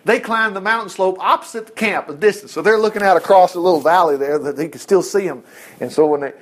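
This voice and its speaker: A man's voice: high-pitched, fast talker. A man teaching a Bible story informally, acting out the characters and joking as he goes. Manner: animated storytelling, acts out voices, jokes and chuckles.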